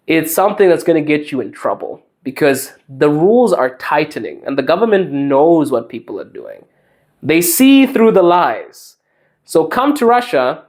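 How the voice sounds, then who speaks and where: A man's voice: on the high side, a little mellow. A man, hosting a podcast and delivering an emphatic advice monologue. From Zimbabwe. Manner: emphatic, preachy. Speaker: podcast host.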